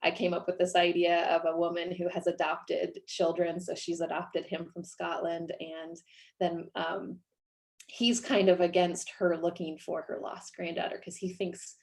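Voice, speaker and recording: A woman from Iowa, an author talking casually about her writing, self-deprecating and quick to laugh. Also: fairly low pitch, little pitch movement, creaky, a little mellow. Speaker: author guest. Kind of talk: casual interview chat.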